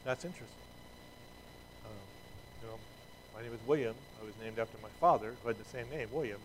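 A man's voice: mid-range voice, a little hiss or hum, poor audio. A middle-aged man preaching a sermon in a conversational way, with asides and restarts and emphatic peaks. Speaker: pastor.

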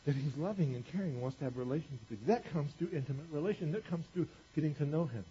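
A man gives a sermon from the pulpit in a higher-than-usual, mellow voice with a husky edge. He keeps it conversational, throwing questions and little jokes at the congregation. The church recording sounds dull and lo-fi. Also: rapid-fire, hardly any pauses, slight background noise. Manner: conversational, full of "you know" asides. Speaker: pastor.

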